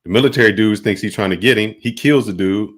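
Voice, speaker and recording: Deep-voiced man telling a parable. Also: fast. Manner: tells a parable in plain casual speech. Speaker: podcast host. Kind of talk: reflective storytelling.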